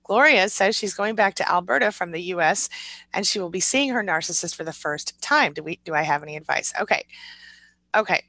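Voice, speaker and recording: A woman hosting a live support stream, chatting quickly and reading out viewer comments with many restarts and fillers. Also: fairly low pitch, lively intonation, dry recording, rough recording. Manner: quick, warm-hearted talk with restarts and fillers. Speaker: live-stream host and recovery coach.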